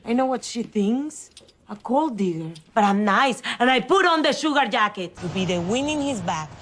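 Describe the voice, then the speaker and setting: An actress with a Latin American Spanish accent playing a fiery housewife who mangles English idioms. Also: female voice, a little high, animated, moderate pace, fairly bright tone, slight background noise. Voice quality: emphatic, fiery.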